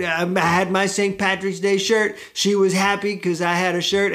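Middle-aged guy hosting his own show, rambly and chatty, lots of uhs, voice sits a bit high. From United States. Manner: chatty, self-deprecating, digressive with many fillers. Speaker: show host and musician. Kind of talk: rambling casual storytelling to camera.

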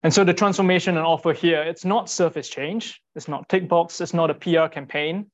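A man giving a sermon in an earnest, rhetorical way, repeating short phrases and pausing for weight. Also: a little high, fairly even intonation, lo-fi sound. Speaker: speaker giving a Bible talk.

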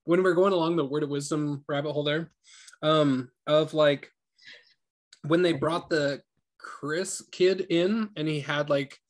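A man's voice: fairly high pitch, fairly even intonation, a little slow. Laughing, chatty young man. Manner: laughs often, chatty with many fillers. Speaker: book group member and audiobook reader. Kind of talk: casual group discussion.

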